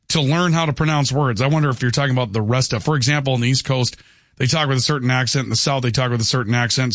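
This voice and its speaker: A man's voice: mid-range voice, a bit bright, dry recording, studio quality. A man hosting a call-in radio talk show, talking conversationally and often tossing in "okay". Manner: conversational, peppers lines with "okay". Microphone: studio microphone.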